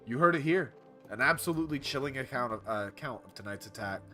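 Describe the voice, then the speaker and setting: Male streamer voicing a brisk TV reporter, bright and pushy, with music behind. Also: medium pitch, lively intonation. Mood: upbeat sign-off.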